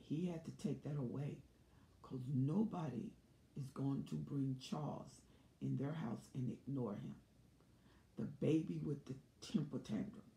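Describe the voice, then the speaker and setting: Slow gravelly woman telling a story. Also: deep voice, mellow, roomy sound. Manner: acts out scenes in character voices; preacherly and emphatic. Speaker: relationship teacher. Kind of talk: dramatic storytelling talk.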